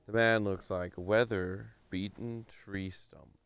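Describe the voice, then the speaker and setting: Smooth, low-voiced man reading aloud. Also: steady tone, takes it slowly. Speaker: livestream book reader. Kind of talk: reading a novel aloud on a livestream.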